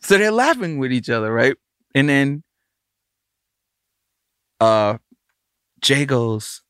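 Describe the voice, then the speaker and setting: A man tells a studio story in a loose, chatty way, his pitch swinging widely as he acts out everyone involved. The sound is dry and close, with no room in it. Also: slow pace, pauses often, smooth, dry recording. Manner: animated, acts out the voices of others in his story. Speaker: record producer telling a studio story. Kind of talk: casual storytelling on a podcast.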